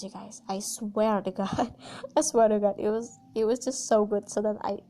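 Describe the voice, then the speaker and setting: A woman's voice: on the high side, a little mellow. A woman with an American accent, hosting a solo podcast in a gushing, chatty way full of fillers and restarts. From Indonesia. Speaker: podcast host. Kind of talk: casual solo podcast chat.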